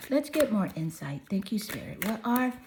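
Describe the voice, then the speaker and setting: A woman's voice: mid-range voice, sing-song, normal speed, background noise. A woman giving a pick-a-card tarot reading to her viewers, talking in a soothing, affirming and chatty way. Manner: soothing, affirming, chatty with "you know" fillers. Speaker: tarot reader.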